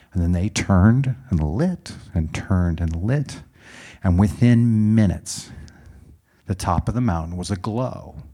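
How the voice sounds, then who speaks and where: A man preaching a sermon as a dramatic story, dropping to hushed whispers and rising to loud exclaims. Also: low voice.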